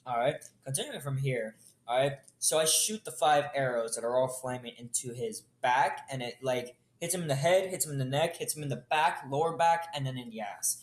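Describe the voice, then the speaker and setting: A man's voice: mid-range voice, expressive. Young man telling a story in an echoey room. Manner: rambling, joking, quick asides. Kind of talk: casual improvised storytelling. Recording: roomy echo.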